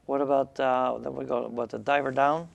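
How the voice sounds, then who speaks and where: A man's voice: medium pitch, level tone, moderate pace, vocal fry, lo-fi sound. A male show host asking rambling, joking questions in a casual interview chat.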